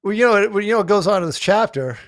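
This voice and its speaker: A man co-hosting a podcast in an animated casual chat, laughing often. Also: high-pitched, fast talker, no echo, studio quality. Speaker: podcast co-host.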